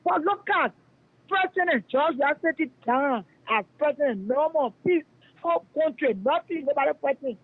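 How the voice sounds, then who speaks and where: High-pitched Liberian man ranting on phone. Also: expressive, normal speed. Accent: Liberian English. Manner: fiery, denouncing, repetitive. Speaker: radio caller. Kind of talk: heated call-in rant. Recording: tinny phone line.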